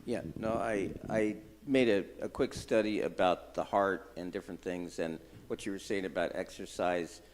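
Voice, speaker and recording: A man's voice: low-pitched, normal speed, hardly any pauses, a little hiss or hum. A man in the congregation sharing a short, hesitant explanation. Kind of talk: casual sharing.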